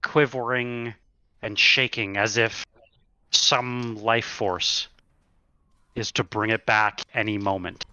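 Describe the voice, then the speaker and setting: A man runs a tabletop horror game as game master, narrating slowly with dramatic pauses. His voice is bright and clear, close and dry, on a slightly muffled lo-fi recording. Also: lowish voice, steady tone, no echo.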